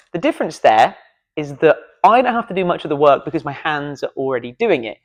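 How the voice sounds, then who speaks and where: A man with a slightly high, somewhat bright voice teaches public speaking in a relaxed studio video, acting out gestures while joking at his own expense. He's expressive and speaks briskly.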